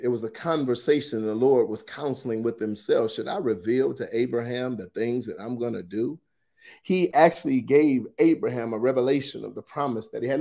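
A man leading a morning Bible study, reading scripture dramatically with colloquial asides. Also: medium pitch. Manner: dramatic scripture reading, shifts loudness and pace widely.

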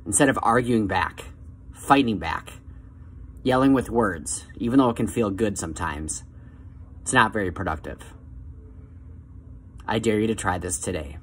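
A man giving calm, coaxing motivational advice straight to the viewer, slowing down on key phrases. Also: on the low side, slight background noise. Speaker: self-help vlogger.

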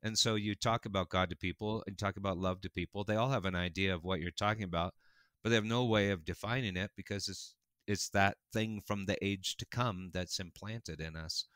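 A pastor telling stories with animated, earnest energy and frequent laughter. His lowish voice is bright and crisp. The sound is close and dry, with no room around it. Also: a little fast, no room sound. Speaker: pastor and guest. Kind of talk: casual conversational storytelling.

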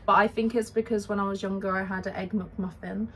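A woman's voice: medium pitch, level tone, fairly quick, a loud crowd. A woman from Britain co-hosting a podcast, telling stories in chatty, giggly casual talk. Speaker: podcast co-host. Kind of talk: casual chat.

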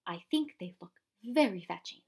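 A woman's voice: mid-range voice, expressive, normal speed, vocal fry, a little mellow, husky, full character voice. A woman voicing an eccentric, enthusiastic old male professor who blusters and exclaims in a storybook reading. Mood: cheerful. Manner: exuberant and blustering.

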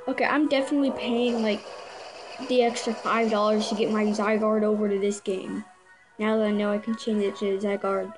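A woman giving casual reaction commentary, excitable, stumbling over names and laughing at herself. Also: mid-range voice, moderate pace, music in the background, low-quality recording. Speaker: video creator.

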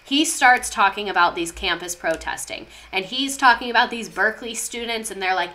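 Bright-voiced, irreverent woman teaching history. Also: medium pitch, normal speed. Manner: irreverent, passionate, swears freely. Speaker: history vlogger. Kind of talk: casual history lesson.

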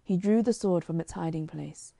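Woman audiobook narrator, lowish mellow voice, calm measured storybook read. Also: gravelly, dry recording, clean studio sound.

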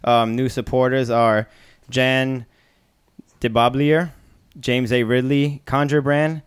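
A young man co-hosting a podcast in a relaxed, casual way, running through shout-outs and giveaways. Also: medium pitch, takes it slowly, clean tone, no echo, clean studio sound. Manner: relaxed, runs the segments and giveaways. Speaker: podcast co-host.

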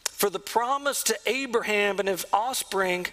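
A man preaching a sermon as the pastor of a church, earnest, sometimes dropping to a hush. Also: high-pitched, unhurried, rough recording. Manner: earnest preaching, drops to a hush on key lines. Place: church sanctuary.

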